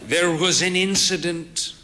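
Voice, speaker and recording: A man's voice: sits high, fairly even intonation, measured pace, sharp tone, pitched above the performer's own voice. A man voicing a thin, fey man in his fifties with a flamboyant, jokey way of talking. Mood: merry. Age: 50s. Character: fey thin man in late middle age, merry and flamboyant.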